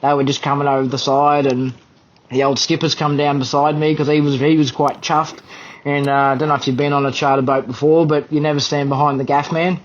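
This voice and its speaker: A young man, a podcast guest, telling a fishing story in an animated, self-deprecating way. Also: on the high side, a little fast, dull audio. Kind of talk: casual storytelling.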